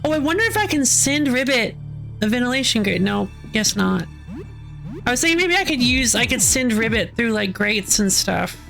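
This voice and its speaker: A woman streaming a game with excitable, giggly commentary that breaks into panicky shrieks. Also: on the high side, moderate pace, creaky, soft background music. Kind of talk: live gameplay commentary.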